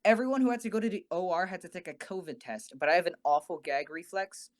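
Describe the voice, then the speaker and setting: A man's voice: sits high, fast talker. Young man telling a rambling story. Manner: animated, rambling with many restarts and swearing. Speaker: podcast co-host. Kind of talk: casual storytelling.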